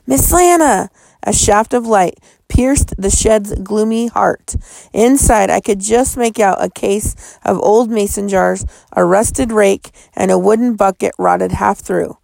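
Woman reading a novel, gravelly and dry. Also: medium pitch, steady tone, a little slow, a little mellow, no room sound. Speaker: audiobook narrator. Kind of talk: storybook reading.

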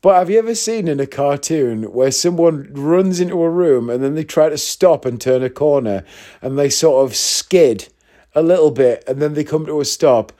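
A man's voice: on the high side, moderate pace, dark tone. A man from the northeast of England, a comedian in his thirties, telling a long anecdote in a chatty, casual way with asides to the listener. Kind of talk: casual storytelling.

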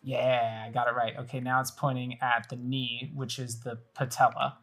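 Woman podcast host, low husky voice, casual, talks through the whole game on screen. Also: little pitch movement, normal speed. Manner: chatty, narrates everything on screen. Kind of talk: casual chat while playing a video game.

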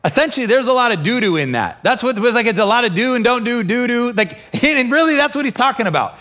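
High-voiced man preaching a sermon. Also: quick pace. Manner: animated, acts out inner voices and quotes. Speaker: pastor. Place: church, also streamed online.

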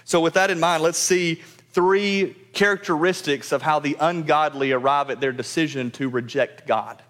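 A man's voice: a little high, a little fast, a bit bright. A man preaching a sermon as pastor. He speaks emphatically, repeats key phrases, and addresses his congregation directly.

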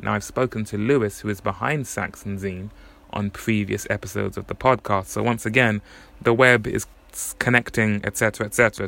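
Man, podcast host, casual monologue, low pitch, gravelly, self-correcting. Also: fairly bright tone. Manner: conversational, thinking aloud with frequent self-corrections. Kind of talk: casual solo podcast monologue about new music.

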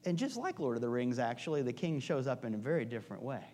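A man minister giving a conversational sermon in a storytelling way, moving between loud emphasis and hushed asides. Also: medium pitch, very animated, quick pace.

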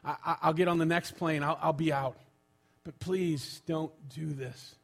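A man's voice: a little high, fairly even intonation, a little slow. Man doing a pleading grown son. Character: pleading grown son begging his father.

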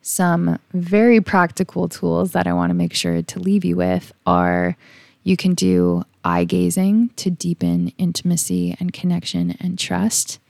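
A woman hosts her own podcast in a slightly low voice with plenty of vocal fry. She tells her story earnestly and openly, swearing casually. The sound is dry and free of room echo. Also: very animated, measured pace, a little mellow. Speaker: podcast host. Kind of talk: solo podcast monologue.

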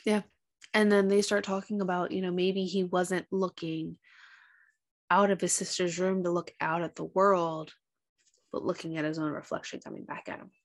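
A podcast co-host with a lowish voice and moderate pace animatedly retells a movie's plot in casual chat. Along the way she acts out the characters' lines.

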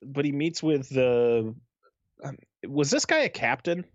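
A man's voice: mid-range voice, sing-song, measured pace, no echo. A man as a podcast guest, chatting casually and agreeably, thinking aloud. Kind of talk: casual chat. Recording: dull lo-fi sound.

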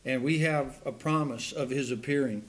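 A man's voice: mid-range voice, moderate pace. A man preaching a sermon in a folksy, joking way, laughing at his own puns and stories.

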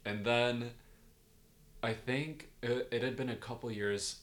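A man's voice: medium pitch, fairly even intonation, slow, fairly bright tone. A young man co-hosting a podcast, talking casually and self-deprecatingly with many fillers. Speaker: podcast co-host. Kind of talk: casual chat.

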